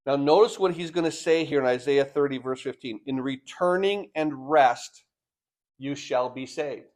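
A man preaching a sermon, swinging between loud emphatic lines and soft, slowly drawn-out phrases, often repeating words as he builds his points. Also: medium pitch.

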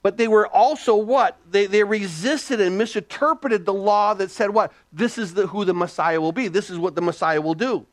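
High-pitched man preaching animatedly. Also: moderate pace, hardly any pauses, no room sound. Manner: animated preaching, voice jumping high and dropping low, frequent restarts. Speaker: pastor. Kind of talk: sermon.

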